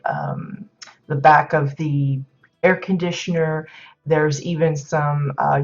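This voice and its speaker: A woman hosting a live stream, thinking aloud in a hesitant way and filling pauses with many ums and uhs. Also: low voice, dull audio. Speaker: stream host showing player-built game housing.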